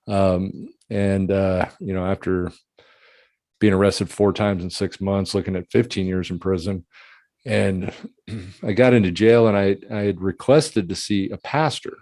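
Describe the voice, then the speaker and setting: A man hosting a conversation, telling his own story in a candid, chatty way, with laughs and throat-clearing. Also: fairly low pitch, a little mellow, no echo. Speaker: podcast host.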